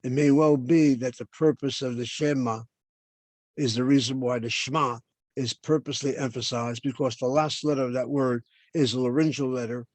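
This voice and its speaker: A man's voice: mid-range voice, steady tone, moderate pace, darkish tone, no echo. An older man lecturing as a professor over a video call, explaining points and then asking and answering his own questions.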